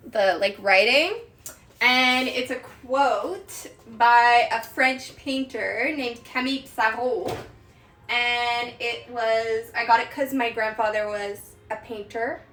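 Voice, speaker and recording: A woman's voice: on the high side, bright, forceful tone, distant mic. A woman chatting casually on a stream while she cooks, rambling with lots of fillers and giggles. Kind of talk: casual chat while cooking. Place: home kitchen. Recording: roomy sound from away from the mic, faint background noise.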